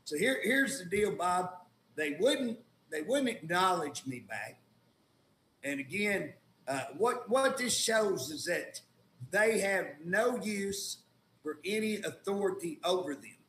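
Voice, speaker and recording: Folksy indignant Oklahoma man, gravelly. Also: high-pitched, expressive, slow pace, fairly bright tone, echoey room, slight background noise. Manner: folksy, indignant storytelling with colloquial grammar. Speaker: state legislator, guest. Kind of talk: casual talk show conversation.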